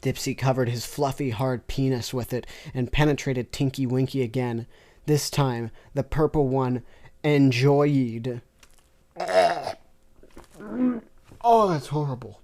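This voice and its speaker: A woman reading weird fanfiction aloud with deadpan, sarcastic asides. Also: extremely low pitch, slow. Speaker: fanfiction reader. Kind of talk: comic reading with reactions.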